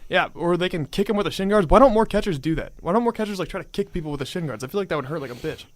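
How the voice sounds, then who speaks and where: A young man on a casual sports podcast who talks quickly and sits a bit high. He trades jokes and loud opinions, recorded close and dry. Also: animated, no room sound. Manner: joking and opinionated. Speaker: podcast co-host.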